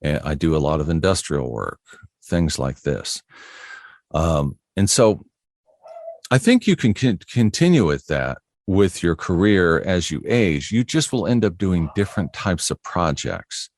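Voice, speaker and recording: This middle-aged voiceover artist has a deep, a little mellow voice that is animated yet a little slow. He tells easygoing stories about his work in a relaxed interview, chuckling often. The recording is dry, with clean studio sound.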